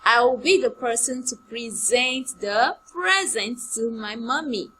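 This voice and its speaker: A woman teaching an online primary English class, repeating each word slowly and giving example sentences. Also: a little high, fairly bright tone, slight background noise, rough recording. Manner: slow, drilling words by repetition with example sentences.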